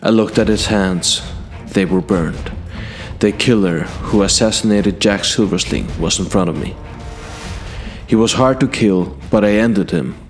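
Low-voiced male storyteller, in-character fantasy narration to royalty, earnest and measured, faint music bed.

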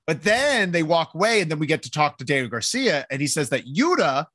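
Animated bright-voiced man chatting. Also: a little high, fairly quick, no room sound, studio quality. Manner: rambling, joking, lots of fillers. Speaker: podcast co-host. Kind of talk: casual chat reading live comments.

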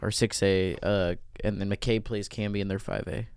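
A man in his twenties co-hosting a podcast in casual chat, excitable and quick to swear. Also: on the low side, clear, resonant tone, dry recording, clean studio sound. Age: 20s. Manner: excitable, swears when pumped. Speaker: podcast co-host. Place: podcast studio.

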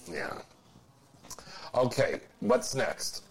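A man's voice: mid-range voice, measured pace, rough recording. A man hosting a casual chat, reading trivia aloud and cracking crude jokes. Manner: joking, crude, animated.

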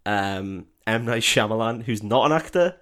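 A man on a comedy film podcast who swears freely and rants with real feeling. His pitch moves up and down a lot as he talks. The talk is loose and conversational. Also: moderate pace. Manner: sweary, ranting, animated. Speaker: podcast co-host. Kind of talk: casual comedic film chat.

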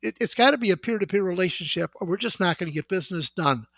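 A middle-aged man with a high, gravelly voice, recorded close and dry. He spins sales war stories and acts out the dialogue with relish. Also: fast talker, dry recording. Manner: animated anecdotal storyteller, acts out dialogue. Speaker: sales executive guest. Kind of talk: storytelling in podcast conversation.

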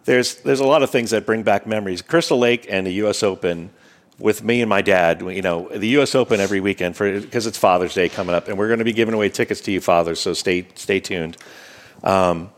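A man hosting a casual chat, replying with relaxed, short agreements. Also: lowish voice, brisk. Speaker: host.

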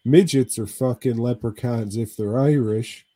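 Male podcast co-host, slow drawl, foul-mouthed rambling movie recaps. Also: mid-range voice, warm tone, no room sound. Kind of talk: casual movie recap chat.

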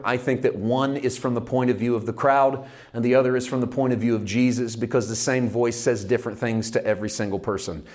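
A man preaching a sermon with impassioned delivery, dropping to a hush and rising to loud emphasis, stretching out key phrases. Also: medium pitch. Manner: impassioned, swinging from hushed to loud.

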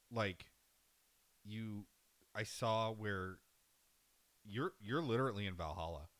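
Bright-voiced man retelling a game, animated. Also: on the low side. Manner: animated storytelling with profanity, acting out characters. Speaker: podcast co-host. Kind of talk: casual chat about a video game.

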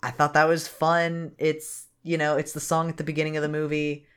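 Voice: mid-range voice, completely flat delivery, fairly quick, fairly bright tone, clear, resonant tone. Laughing podcast co-host, casual chat. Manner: laughs often, trails off and restarts.

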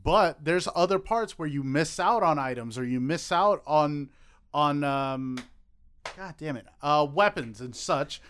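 A man's voice: a little high, expressive, unhurried, fairly bright tone, clean tone. A man co-hosting a casual podcast, talking in a blunt, crude, joking way. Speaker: podcast co-host.

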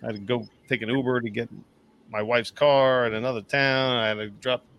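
A man co-hosting a fantasy football podcast in casual chat, rambling and animated and swearing often. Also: mid-range voice, fairly quick, no echo.

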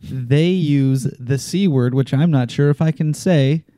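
Mellow-voiced man telling stories. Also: fairly high pitch, unhurried, no echo, studio quality. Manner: chatty storyteller, laughs often, quotes movies. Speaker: podcast co-host. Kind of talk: casual chat.

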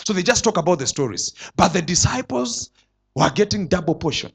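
A man preaching a sermon to his church, swinging between loud declarations and hushed asides. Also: high voice, very animated, brisk, husky. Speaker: pastor.

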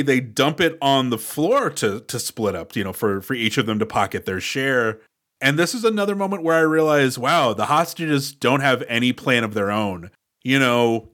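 A man co-hosting a podcast who picks apart a film's plot in relaxed, chatty talk. He speaks at an ordinary pitch and pace. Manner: analytical, chatty. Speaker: podcast co-host. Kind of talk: casual chat.

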